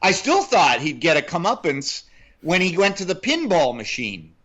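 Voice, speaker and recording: A man co-hosting a film podcast in casual chat, making dry, wry remarks and quick asides about the movie. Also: on the high side, big pitch swings, fairly bright tone. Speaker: podcast co-host. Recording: dull lo-fi sound.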